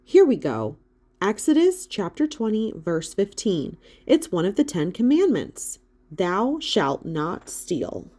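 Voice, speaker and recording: A woman's voice: medium pitch, very animated, slow pace, warm tone. Woman voicing a matter-of-fact practical boy.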